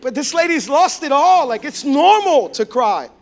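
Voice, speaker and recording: A male pastor giving a sermon, swinging between impassioned shouts and hushed, intimate tones. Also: very high voice, big pitch swings, normal speed.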